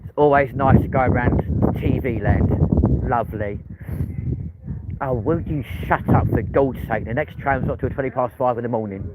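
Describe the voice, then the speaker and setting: A man's voice: medium pitch, moderate pace. A man hosting a live walking stream at night, bantering with chat in a cheeky, sweary way. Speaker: livestream host. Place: outdoors on windy city streets at night. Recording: tinny phone audio, loud street noise.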